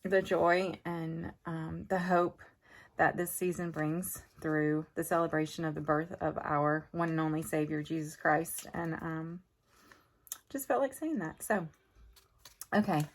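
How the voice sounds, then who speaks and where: A middle-aged woman with a low voice and fairly even intonation talks unhurriedly to her viewers about life with her farm family. The casual vlog chat is heartfelt and drifts into emotion.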